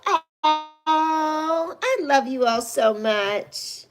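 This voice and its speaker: This is a woman in her sixties hosting a casual livestream, her voice high and bright. She is unhurried and gushes with excitement, her pitch leaping around as she greets viewers one by one. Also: soft background music. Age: 60s. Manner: effusive, greets viewers by name with squeals of delight. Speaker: livestream host.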